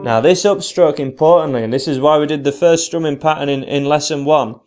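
British male guitar teacher, slightly high voice, counts beats slowly, loud guitar behind him. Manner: counts along in a slow, drawn-out voice. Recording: guitar playing loudly behind the voice. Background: his own guitar playing.

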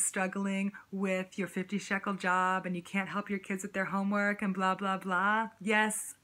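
Woman spoken word performer with a mid-range voice, rhythmic and sassy, who slows right down on key lines. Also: mid-range voice, bright, forceful tone. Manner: rhythmic, rhyming delivery with sassy direct address.

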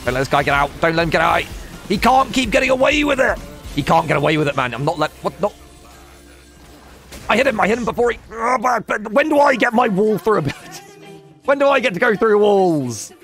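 A man's voice: high voice, expressive, brisk, a bit bright, faint music behind. A young man streaming a video game, commentating casually, swearing and laughing as he talks to chat and teammates.

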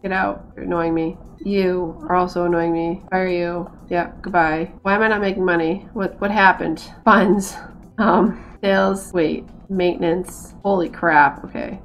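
A woman's voice: on the low side, steady tone, a little slow, muffled recording, slight background noise. Chatty American woman streaming a game. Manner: chatty, self-mocking, laughs often. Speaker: gaming streamer. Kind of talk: casual let's-play commentary.

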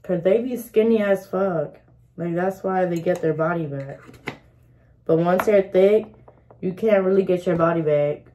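A woman's voice: on the low side, measured pace, mellow, slight background noise. A young woman vlogger talking frankly to her viewers, swearing freely and venting about her life as a single mom. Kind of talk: casual chat to camera.

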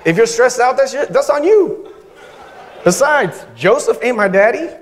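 A man doing a snarky teenage boy, high and quick. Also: expressive, very noisy. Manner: sassy, dismissive slang. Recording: reverberant church hall.

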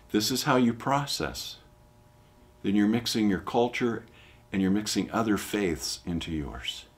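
A male pastor preaching a sermon, retelling a scripture story with dramatic swings between quiet, low lines and loud, raised ones. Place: church.

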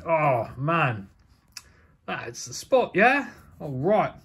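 A man's voice: a little high, sing-song, very slow, a bit bright, husky, exaggerated voice. A man voicing a cheery male Australian wrestler toy during toy play, with a put-on Australian accent and a jolly, chatty manner.

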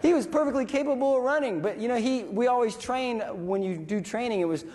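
A man and military veteran telling a story to an audience, animated and acting out dialogue and sound effects. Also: extremely high pitch, brisk. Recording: long reverb from a hall.

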